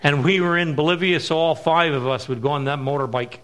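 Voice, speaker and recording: A middle-aged man preaching at a missions conference, telling stories and stressing key words slowly. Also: a little high, fairly bright tone. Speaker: missionary speaker. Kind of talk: sermon with storytelling.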